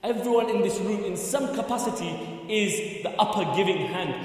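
High-voiced man pleading in an echoey hall. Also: moderate pace, darkish tone. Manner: pleading, urges the crowd with repeated questions. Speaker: charity fundraiser. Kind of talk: impassioned fundraising appeal. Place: large hall at a religious gathering. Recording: echoey hall, distant mic.

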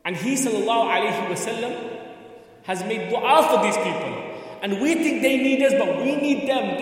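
Man, high pitch, fervent charity appeal speaker, urges crowd to give; far-off mic, heavy hall echo. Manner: pleading, urges the crowd with repeated questions. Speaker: charity fundraiser. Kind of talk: impassioned fundraising appeal. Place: large hall at a religious gathering. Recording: echoey hall, distant mic.

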